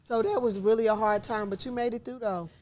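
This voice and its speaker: A woman's voice: on the high side, fairly even intonation, fast, over music. Woman hosting a supportive podcast chat. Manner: supportive, echoes the guest's words. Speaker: podcast host. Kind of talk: casual interview chat.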